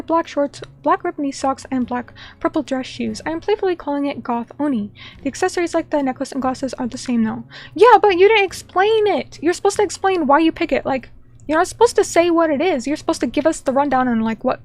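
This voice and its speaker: Here a woman streams from home as a VTuber, her high voice a little mellow. She reads out viewer comments and chats casually, teasing playfully and now and then feigning indignation.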